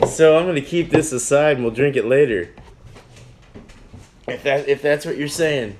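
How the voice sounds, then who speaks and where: A man's voice: a little high, normal speed, long pauses, a little hiss or hum. A man chatting casually on a live stream, reviewing beers in a rambling, easily sidetracked way.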